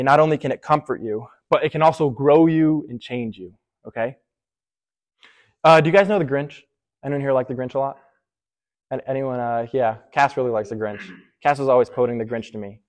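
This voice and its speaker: Man giving a chatty youth sermon. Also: medium pitch. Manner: conversational, keeps checking in with "okay?"; talks straight to listeners as "you guys".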